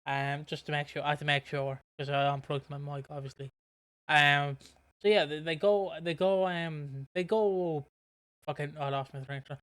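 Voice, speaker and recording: This man's fairly high voice is steady, clean and a bit bright, moving at normal speed. Hosting a podcast, he gives a rambling soap opera recap peppered with casual swearing, now and then losing track of what he was saying.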